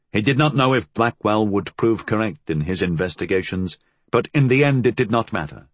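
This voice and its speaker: A man reading a novel aloud as an audiobook narrator, telling the story in a measured, expressive way. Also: fairly low pitch, breathy edge, no echo. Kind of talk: scripted narration.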